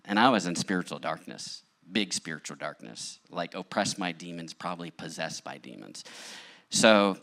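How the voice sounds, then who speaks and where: A man's voice: deep voice, lively intonation, normal speed, vocal fry, fairly bright tone. A male pastor preaching a sermon, telling his own story in a candid, conversational way. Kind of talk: sermon with personal testimony.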